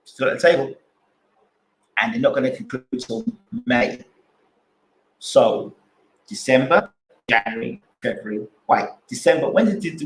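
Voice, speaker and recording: A man's voice: medium pitch, roomy sound, rough recording. A man hosting a boxing channel live stream, arguing his points with repeated rhetorical questions and answering chat.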